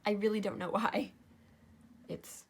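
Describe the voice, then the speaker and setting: A young woman, sleepy and yawning, hosts a casual step-by-step craft tutorial, chatting along while constantly correcting herself and apologizing. Her medium-pitched voice is steady in tone, a little slow, with a breathy edge.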